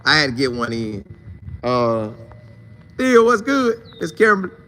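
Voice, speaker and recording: A man hosting a casual sports talk live stream, shouting out viewers by name in loose, slangy, animated talk. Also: fairly high pitch, a little slow, slight background noise.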